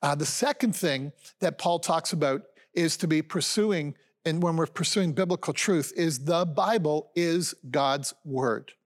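A man's voice: on the high side, unhurried, hardly any pauses. A man in his sixties preaching a sermon as a pastor, earnest and conversational, often calling his listeners friends. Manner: conversational preaching with fillers and restarts.

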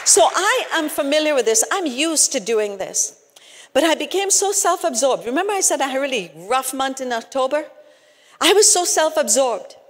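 At a church gathering, a woman with a high, expressive voice delivers a conversational sermon at a moderate pace, sharing personal stories chattily with lots of tag questions and restarts. A long, hall-like reverb surrounds her.

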